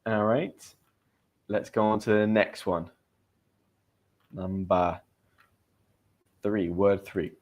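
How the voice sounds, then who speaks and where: A man's voice: on the low side, steady tone, slow, long pauses, darkish tone, highs cut off. A man with a British accent teaching English slang in a live stream, chatting with viewers and reading out their comments.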